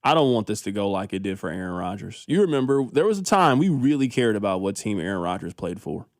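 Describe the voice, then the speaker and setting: A man co-hosting a casual sports talk radio show, riffing in an animated, incredulous, slangy way into a studio microphone. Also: lowish voice, fast, no room sound.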